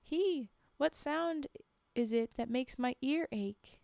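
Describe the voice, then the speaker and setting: A woman's voice: mid-range voice, fairly even intonation, slow, darkish tone, clean tone, no echo, close to an everyday voice. A woman voicing a greedy, vain male trickster spirit who whines and complains in a storybook reading. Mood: grumbling. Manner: whiny, complaining.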